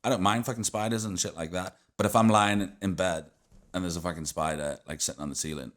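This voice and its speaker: A man's voice: low-pitched, fast talker, a bit bright. A young adult man hosting a podcast, telling stories in a rambling way with lots of fillers and swearing. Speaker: podcast host. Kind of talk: casual chat.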